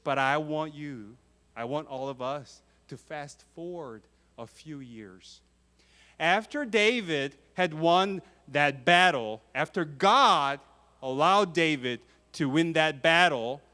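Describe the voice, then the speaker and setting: A man preaching a sermon to children, lively and full of questions to the kids in a church. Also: fairly high pitch, slow pace.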